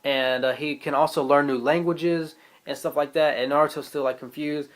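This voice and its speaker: Excitable, profane young man reviewer. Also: a little high, normal speed. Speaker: manga reviewer. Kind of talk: casual video review.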